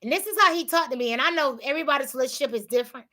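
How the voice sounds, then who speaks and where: A woman's voice: high voice, racing, hardly any pauses, pushed and bright. A woman hosting a livestream, talking casually and emphatically about faith with her viewers. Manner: emphatic, preachy, colloquial. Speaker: livestream host.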